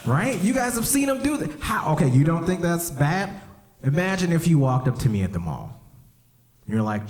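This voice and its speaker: A man's voice: medium pitch, big pitch swings, brisk, a little mellow. A man doing a stand-up set in a comedy club, laid-back and profane, acting out the voices in his stories. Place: comedy club stage, live crowd.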